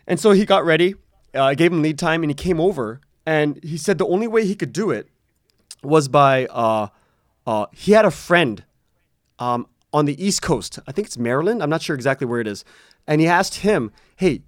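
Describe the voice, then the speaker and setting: A man's voice: on the high side, lively intonation, brisk, dry recording, studio quality. A man being interviewed about his audio drama, talking casually in long rambling stretches with frequent restarts and laughs. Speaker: podcast creator, interview guest.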